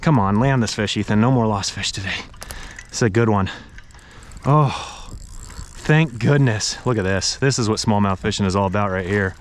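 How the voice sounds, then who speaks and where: A young man narrating his fishing trip outdoors on a river, tired from paddling, bursting into excited exclamations and talking to the fish. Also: medium pitch, a little hiss or hum. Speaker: fishing vlogger. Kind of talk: casual narration while fishing. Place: outdoors on a river, in a kayak and wading.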